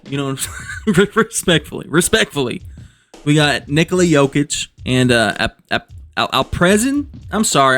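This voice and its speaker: A man's voice: fairly high pitch, a bit bright. A man doing joking casual commentary as a vlogger, rambling, profane and amused at himself.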